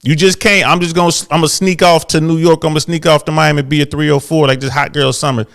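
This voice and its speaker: A man's voice: fairly high pitch, little pitch movement, fast, creaky, a bit bright. A man giving emphatic closing remarks as a guest, repeating his points for effect. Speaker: guest commentator.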